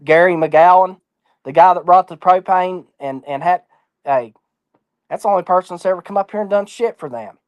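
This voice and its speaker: Blunt, profane man, a bit high. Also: moderate pace, smooth, no echo. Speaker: interview guest. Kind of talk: casual phone interview.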